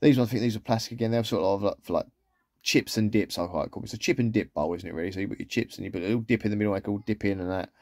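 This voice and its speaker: Chatty man with a warm tone. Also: lowish voice, very fast, vocal fry, dry recording, studio quality. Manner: chatty, rambling, with trailing asides. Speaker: vlogger. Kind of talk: casual shopping haul commentary.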